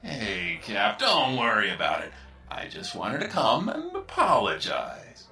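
A scheming ship computer from a cartoon, voiced by a man, oozes false friendship with huge leaps in pitch. His tone is bright and edged, and the voice sits a bit far from the mic. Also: huge pitch swings, measured pace, gravelly, faint music behind, exaggerated voice. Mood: fawning. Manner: oily, fawning, sinister.

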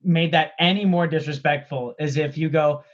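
Brief: male host, high and very lively voice, jokey riffing, dull lo-fi audio. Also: normal speed. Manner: jokey, laughs a lot, riffs on the guest's stories. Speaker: podcast host. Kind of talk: casual chat.

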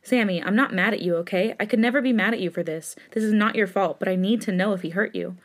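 A protective young man speaks softly and sinks into whispers, as a woman reads him. The voice is mid-pitched, in a storybook podcast. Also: fast, close to an everyday voice. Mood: tender.

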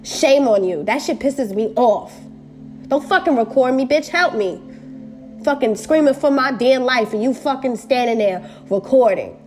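A woman's voice: sits high, animated, normal speed, soft background music. A woman on a personal video, angrily and bluntly speaking her mind, swearing often and repeating short phrases, upset and hurt. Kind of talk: impassioned personal rant to camera.

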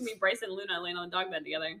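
Young female co-host with a crisp bright tone, frank and chatty, often laughing. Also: on the low side, rapid-fire. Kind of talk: casual chat.

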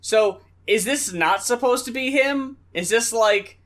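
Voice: mid-range voice, measured pace, fairly bright tone. A co-host in a casual music review chat, sounding puzzled and asking questions as they think aloud.

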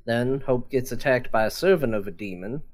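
A man's voice: mid-range voice, lively intonation, normal speed. A man in a tabletop game who reasons aloud, a little hesitantly, as he works through the clues. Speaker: player. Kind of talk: casual chat.

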